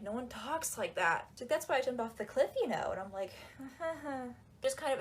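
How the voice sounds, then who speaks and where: A woman talking in a casual, animated and sarcastic way, with lots of "like"s, while she folds laundry. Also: on the low side, a little hiss or hum. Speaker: book reviewer. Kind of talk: casual chat.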